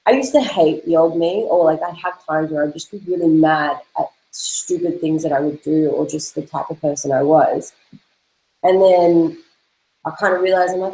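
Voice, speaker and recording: A woman with a slightly low voice talks earnestly in a casual chat. She searches for words and laughs at herself at times. The room behind her sounds roomy and echoey. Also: a little fast, a little mellow. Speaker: host's girlfriend, guest.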